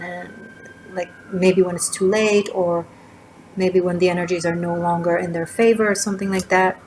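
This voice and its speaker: A woman's voice: fairly low pitch, rough recording. A woman giving a casual, rambling tarot reading, drifting from topic to topic. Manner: chatty, digressive, rambling with fillers. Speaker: tarot reader. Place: indoors by a street. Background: faint sirens and motorcycle noise from outside.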